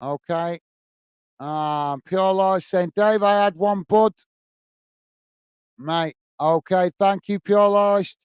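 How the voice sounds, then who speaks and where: Speaking slowly and pausing often, a man with a high-pitched, clear, resonant voice runs a football live stream without any echo. He keeps it casual, reading out viewer comments, frequently calling people "mate," and restarting with lots of fillers.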